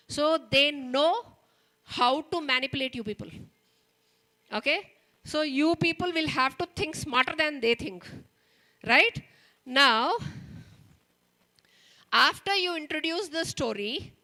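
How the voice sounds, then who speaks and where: A woman's voice: high-pitched, pushed and bright. A woman with an Indian English accent training teachers, telling a story and stressing each sound emphatically, often checking in with "okay?". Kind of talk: storytelling workshop demonstration. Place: school training hall.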